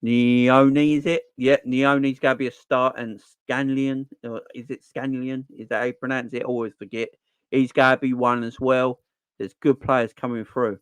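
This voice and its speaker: A man hosting a casual football live stream, animated and slangy, answering the chat as he goes. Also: mid-range voice, normal speed, clean tone, dry recording. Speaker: football channel host.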